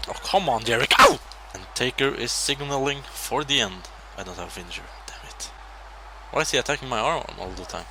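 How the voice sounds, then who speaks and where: A young man giving casual, excitable commentary over a wrestling video game as he plays, swearing and laughing at his own slips. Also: mid-range voice, a little fast, noisy background. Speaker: gameplay commentator.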